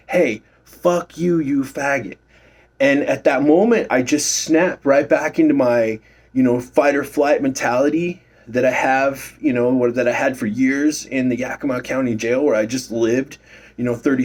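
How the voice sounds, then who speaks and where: Casting note: husky middle-aged guy, rambling storyteller, swears a lot, self-recorded at work. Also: mid-range voice, a little mellow. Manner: rambling, swears freely, many fillers and restarts. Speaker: former bouncer telling a story. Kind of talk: casual storytelling vlog. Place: at his workplace.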